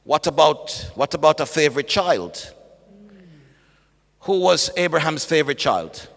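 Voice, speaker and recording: Animated preaching man in an echoey hall. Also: on the high side, a little slow, vocal fry. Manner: animated, calls to the congregation, acts out voices. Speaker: pastor. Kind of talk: bible study preaching.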